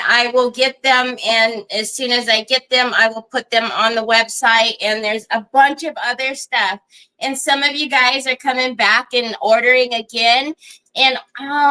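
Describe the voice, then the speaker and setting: A woman's voice: sits high, sharp tone, poor audio. A middle-aged woman, hosting a craft livestream in casual, rambling chat, greeting viewers by name and laughing often.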